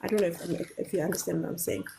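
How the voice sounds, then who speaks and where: A South African woman on a live talk show, explaining ideas in a measured way, often repeating words and checking in with "right?". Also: on the low side, fairly even intonation, gravelly, crowd noise, poor audio.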